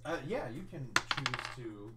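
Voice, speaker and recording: A man running a tabletop game as game master, halting and full of fillers, laughing as he narrates. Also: medium pitch, expressive. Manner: halting, full of ums and likes, laughs often. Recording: noisy home table recording. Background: players chatting and laughing.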